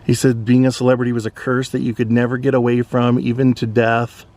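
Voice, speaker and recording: A man's voice: mid-range voice, flat delivery, a little fast, a little mellow. A man hosting a vlog, casually recounting events in a conversational way. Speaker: vlog host. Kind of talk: casual narration.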